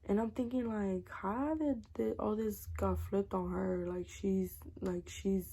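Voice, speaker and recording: Mellow-voiced young woman telling a story. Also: mid-range voice, a little slow, gravelly, a little hiss or hum. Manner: animated, profane, acts out dialogue. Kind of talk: casual storytime vlog.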